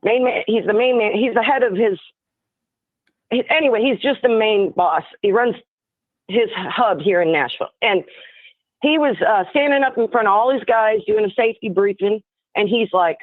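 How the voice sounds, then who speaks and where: A woman's voice: fairly high pitch, moderate pace, no echo. A woman phones into a live show and rambles through her thoughts, piling up fillers and half-finished sentences. Her voice sits in a middle range and comes through a thin, tinny phone line. The sound is dry and close. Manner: rambling, full of fillers and restarts. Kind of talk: casual speculative chat.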